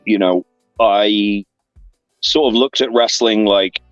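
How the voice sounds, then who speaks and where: A man in his thirties with an English accent spins loose, filler-laden anecdotes in a low voice. The sound is dry, a touch dull and lo-fi, with faint music underneath. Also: slow, dry recording. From England. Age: 30s. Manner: rambling, filler-heavy anecdotes with lively voiced asides. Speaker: guest, professional wrestler. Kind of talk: casual storytelling interview. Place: online interview stream.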